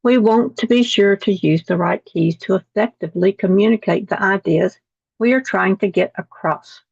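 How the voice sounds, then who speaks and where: A woman's voice: mid-range voice, normal speed, vocal fry, darkish tone, breathy edge, dry recording. A woman teaching a class over a video call, reading lesson text aloud and often repeating words after slips. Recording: dull, dry video call audio.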